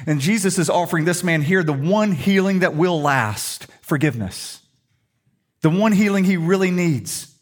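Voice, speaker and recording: A man's voice: high-pitched, animated, moderate pace. A middle-aged male pastor preaching a sermon in a humorous, conversational storytelling way.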